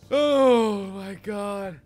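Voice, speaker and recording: A man's voice: extremely high pitch, dark tone. A young man streaming a game live, swearing and laughing giddily as he reacts. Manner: profane, laughing, giddy.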